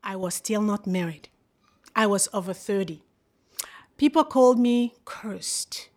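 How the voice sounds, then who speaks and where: A woman's voice: mid-range voice, measured pace, darkish tone. A woman from Congo telling her life story as a church testimony, earnest with touches of wry humour. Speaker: speaker giving a personal testimony.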